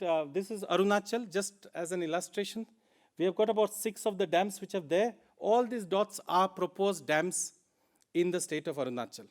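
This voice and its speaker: A man with an Indian English accent giving a plenary conference talk, earnest and emphatic, repeating words for stress. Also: high-pitched. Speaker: conference speaker.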